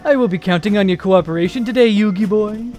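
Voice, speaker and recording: A man's voice: high voice, quick pace, a little mellow, soft background music, natural voice. A man reading a pompous, grandiose young male artist aloud on stream, with theatrical, flowery speech.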